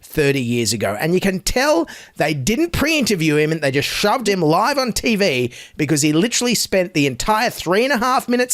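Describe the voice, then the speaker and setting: A man's voice: a little high, a bit bright, no room sound, studio quality. A man with an Australian accent giving sarcastic, mocking satirical commentary as a podcast host.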